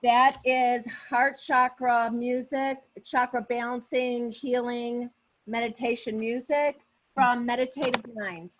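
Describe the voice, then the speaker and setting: Woman, raised pitch, very slow and careful, faint noise behind. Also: flat delivery, rough recording.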